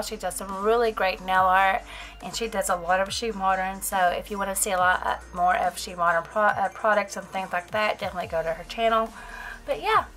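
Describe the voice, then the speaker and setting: A woman chatting casually in a haul vlog, gushing and excitable and repeating her exclamations. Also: mid-range voice. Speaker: nail art vlogger.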